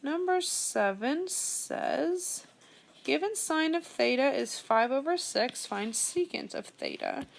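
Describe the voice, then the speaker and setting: A young woman with a gravelly edge and a somewhat high voice teaches math, working each step aloud. She speaks in a steady, explanatory way, like a recorded classroom lesson. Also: slow.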